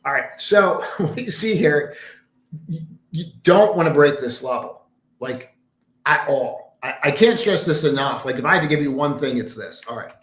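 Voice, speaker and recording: Broadcasting a laid-back market-analysis stream from his condo, a man speaks in a fairly high, expressive, slightly bright voice at a moderate pace. He rambles with emphasis and mutters asides at his screen, and the room gives the audio a spacious echo.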